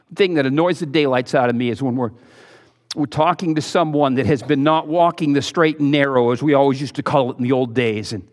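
Folksy preaching pastor, reverberant hall. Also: male voice. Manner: preaching, swinging between low asides and loud exhortation; folksy, joking storyteller. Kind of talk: sermon.

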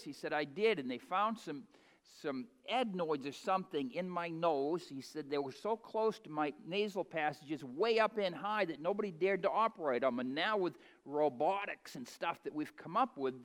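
A man preaching a sermon in a folksy way, building to loud, emphatic peaks. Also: a little high, expressive, normal speed, in a large hall. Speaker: pastor.

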